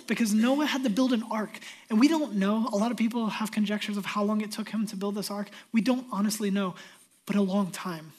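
A middle-aged male pastor preaching a sermon, swinging from loud emphatic peaks down to hushed near-whispers. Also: high voice.

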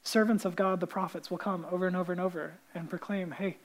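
A man preaching a sermon in a casual, animated way, with many fillers and restarts. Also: sits high, quick pace, rough recording. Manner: animated storytelling, acting out the characters' lines. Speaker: pastor.

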